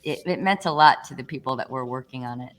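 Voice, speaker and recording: A woman's voice: very deep voice, fast talker. A middle-aged actress, a guest, telling stories casually in an interview, laughing often and restarting her sentences. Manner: animated, laughing storyteller, many restarts.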